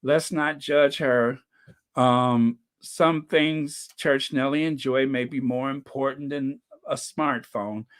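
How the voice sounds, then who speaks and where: A man's voice: mid-range voice, steady tone, slow. A man hosting a casual live-stream chat, chatty, reading out viewer names and comments and laughing often. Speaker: channel host.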